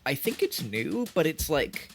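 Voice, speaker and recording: A man's voice: on the high side, big pitch swings, a little slow, creaky, faint music behind. A man co-hosting a podcast, chatting casually in a rambling way full of fillers. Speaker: podcast co-host.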